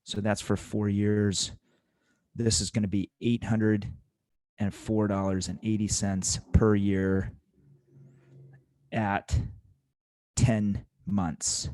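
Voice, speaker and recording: A man's voice: lowish voice, level tone, takes it slowly, long pauses, darkish tone, no room sound. A man teaching restaurant servers in an instructional talk, coaching them through the math step by step and repeating key points for emphasis.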